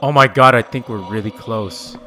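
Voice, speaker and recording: A man's voice: fairly low pitch, moderate pace, bright, forceful tone, faint music behind. A man streaming a horror game live, talking to his chat, swearing often and shrieking when startled. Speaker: gaming streamer. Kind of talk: live gameplay reaction.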